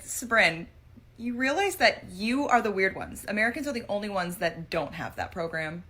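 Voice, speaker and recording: A woman's voice: medium pitch, expressive, a little fast, bright, forceful tone. A woman telling a personal story to camera in a casual, chatty way.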